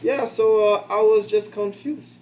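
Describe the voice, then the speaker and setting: A man's voice: sits high, fairly even intonation, a little slow, a little mellow, pitched above the performer's own voice, low-quality recording. A man imitating a nice, baffled old Filipino man in a put-on Filipino accent, his voice raised above his usual talk. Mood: confused.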